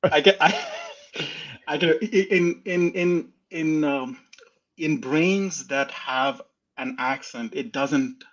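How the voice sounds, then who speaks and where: A man in his fifties from India, with an Indian accent, telling his story as a guest in a lively, restarting way. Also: fairly high pitch, takes it slowly. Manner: animated storyteller, frequent restarts and laughs. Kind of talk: casual chat, telling a life story. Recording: slightly dull lo-fi audio.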